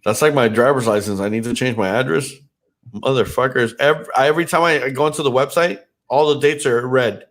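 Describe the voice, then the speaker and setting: A man's voice: mid-range voice, a little fast, fairly bright tone. A man hosting a casual podcast chat, teasing and swearing freely, with a stuffed-up nose. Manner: profane, joking, teasing. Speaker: podcast host and DJ.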